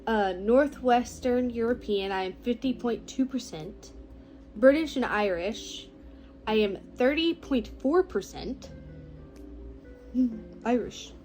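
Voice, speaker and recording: A teenage girl talking casually to the camera, slow and reflective, her phrases often trailing off softly. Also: a little high, expressive, faint music behind, low-quality recording. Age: teens. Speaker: vlogger. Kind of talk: casual personal talk to camera.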